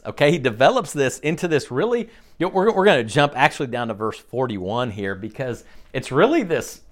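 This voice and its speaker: Animated man preaching a sermon. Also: medium pitch. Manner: conversational preaching, frequent "okay?" check-ins. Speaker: pastor.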